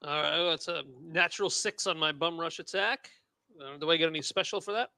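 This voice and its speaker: A man at a tabletop game, counting his rolls aloud in a relaxed way. His voice is a touch high and gravelly with a bright edge, recorded close and dry. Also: fairly quick, no echo. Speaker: player. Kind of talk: casual tabletop game talk.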